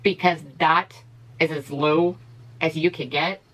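A woman's voice: low-pitched, fairly even intonation, slow, a bit bright, low-quality recording. A woman beauty vlogger giving blunt, opinionated commentary in a casual chat while she does her makeup.

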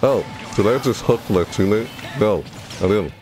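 Excitable young man with a low voice. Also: moderate pace. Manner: excitable, yelps and shrieks high when hit. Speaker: gaming YouTuber. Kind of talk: live gameplay commentary. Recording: game music playing behind.

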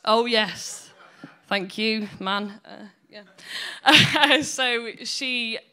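A woman's voice: a little high, drawn-out words, pushed and bright. A woman doing blunt, sweary, self-mocking stand-up storytelling. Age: 20s. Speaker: stand-up comedian.

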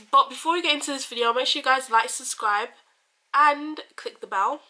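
A bubbly young woman talks through a haul in a loose, filler-heavy way. Her voice is bright and slightly high. A faint hiss sits under the recording. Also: brisk, rough recording. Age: young adult. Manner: chatty, bubbly, lots of fillers. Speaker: beauty vlogger. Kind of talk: casual haul chat.

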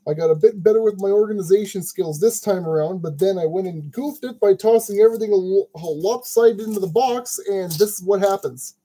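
Talking a little fast with hardly any pauses, a crafting channel host narrates his model kit build in a high, dark, husky voice. He's chatty and self-deprecating, talking to himself as he sorts parts, and the recording is low quality.

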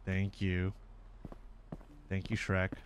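A young man hosting a horror game playthrough, reacting excitably with shouts and laughs. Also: low voice, drawn-out words, soft background music. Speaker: gaming video host.

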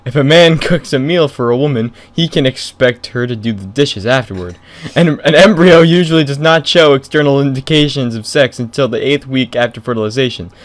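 A man co-hosting a let's play, laughing often and reading quiz questions aloud in casual commentary. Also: mid-range voice. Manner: laughing, reads questions aloud in quick bursts.

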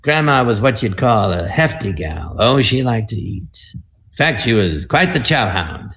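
Man doing a hushed, solemn old-movie soldier. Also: medium pitch, very animated, measured pace, pitched below the performer's own voice. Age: 60s. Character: grave male WWII soldier telling a war tale.

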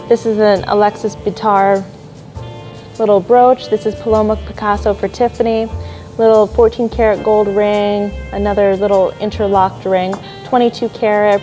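A woman leads a preview of upcoming auction lots. She talks through each piece in a mellow, unhurried voice, with the odd filler and apology. Soft music plays faintly behind her. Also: mid-range voice, rough recording. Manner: describes items one by one, admiring, with small apologies and fillers. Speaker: auction house jewelry specialist.

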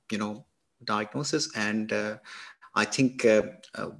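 A man's voice: medium pitch, gravelly, natural voice. A man playing a worried male patient in a practice doctor's visit, speaking hesitantly with many fillers.

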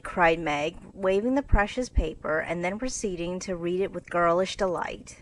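A woman narrating a classic novel as a storybook reading for English learners, measured and even. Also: fairly low pitch, rough recording.

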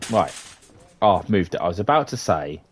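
A British man giving chatty let's-play commentary, muttering at the game with sing-song hums and sudden high exclamations. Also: sing-song, normal speed, slight background noise. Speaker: gamer playing for his sons.

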